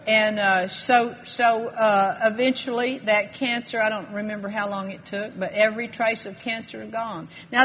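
A woman preaching a sermon with fervor, reading scripture aloud and slowing down to stress key words. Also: fairly high pitch, a little hiss or hum. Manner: fervent, slows and rises for emphasis, reads scripture aloud. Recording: dull long-reverb hall.

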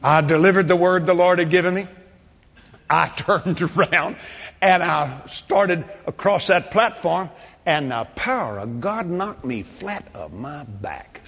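An older man preaching a sermon, quoting scripture and telling a testimony, at times shouting praise. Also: on the high side, expressive, a little slow, breathy edge, long reverb tail.

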